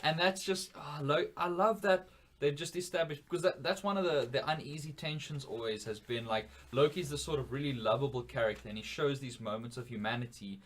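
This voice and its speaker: A man's voice: mid-range voice, a little fast. A man co-hosting a film podcast, chatting casually and enthusiastically, rambling with restarts. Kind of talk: casual film review chat.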